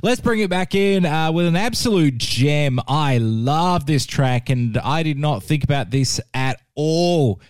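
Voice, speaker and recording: A man's voice: a little slow, few pauses, clean tone, no room sound, studio quality. A man hosting a music show, chatting casually and cracking jokes between songs. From Australia. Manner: chatty and jokey, with lively swings in pitch. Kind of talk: casual radio-style music chat.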